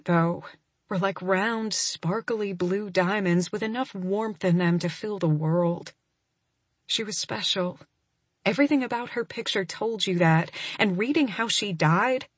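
Husky woman reading a romance. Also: medium pitch, no echo. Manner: intimate, emotional reading. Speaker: audiobook narrator. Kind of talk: first-person romance narration.

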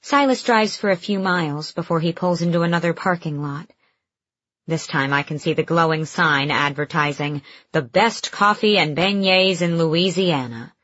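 A woman narrating an audiobook in the first person with lively, expressive storytelling. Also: low-pitched, moderate pace, dry recording. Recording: dull dry studio recording.

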